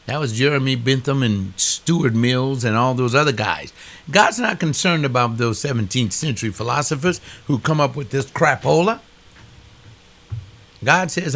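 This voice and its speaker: A man's voice: medium pitch, a bit bright. An older man delivering a preaching monologue, emphatic, repeating phrases with a rising preacher's cadence.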